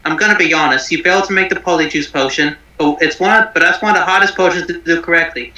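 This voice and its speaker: A man's voice: a little high, fast talker, bright, forceful tone, roomy sound, voice pushed down, low-quality recording. A man putting on a foul-mouthed, furious celebrity chef who teaches at a wizard school, ranting and swearing constantly. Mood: patronizing.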